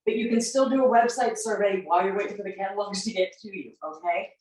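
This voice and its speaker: A woman casually presenting sales tips on a live video, chatty and relaxed. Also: medium pitch, quick pace, slight background noise. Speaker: sales team member presenting a tip. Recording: very echoey room, far from mic.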